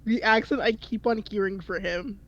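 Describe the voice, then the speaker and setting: A woman's voice: mid-range voice, normal speed, lo-fi sound. A woman chatting casually who laughs often and trails off while searching for words. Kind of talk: casual group chat.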